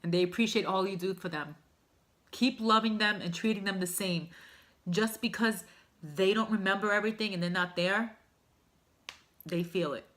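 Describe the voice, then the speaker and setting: Bright-voiced woman telling a heartfelt story. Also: medium pitch, moderate pace, pauses often. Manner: emotional, heartfelt, rambling with fillers. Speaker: vlogger sharing a personal caregiving story. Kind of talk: candid personal storytelling to camera.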